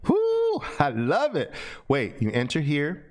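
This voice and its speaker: A middle-aged man leads a trading lesson in a lively, swooping voice. He talks at an unhurried pace, repeats his phrases, and punctuates his points with loud exclamations. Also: mid-range voice, creaky. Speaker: trading instructor. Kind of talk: screen-share trading lesson.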